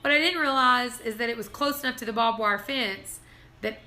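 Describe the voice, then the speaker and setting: Giggly bright-voiced woman. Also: on the high side, moderate pace. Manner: giggly, laughs through her own stories. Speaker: livestream host. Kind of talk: casual storytelling livestream.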